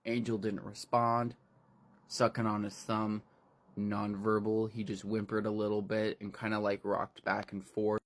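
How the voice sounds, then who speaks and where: A man's voice: lowish voice, completely flat delivery, measured pace. A man casually recapping a horror novel, rambling and swearing freely between fillers. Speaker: book reviewer.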